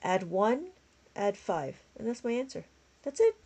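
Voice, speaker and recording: Brief: tired woman tutor on a live stream, chatty, laughs easily, counts out steps, mid-pitched voice. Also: big pitch swings, a little slow, dark tone. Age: adult with a school-age child. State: tired, yawning. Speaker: abacus teacher. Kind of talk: live-stream math lesson, chatting with viewers.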